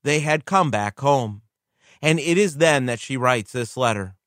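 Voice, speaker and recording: A man's voice: mid-range voice, lively intonation, a little slow, a bit bright, dry recording, studio quality. A man preaching, retelling a life story in an earnest, reverent way. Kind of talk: sermon storytelling.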